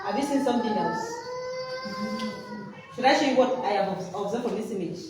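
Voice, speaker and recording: A woman's voice: on the high side, sing-song, fairly quick. A woman presenting a workshop, quizzing her listeners with prompts for them to finish. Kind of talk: interactive teaching talk. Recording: echoey hall, distant mic, background noise.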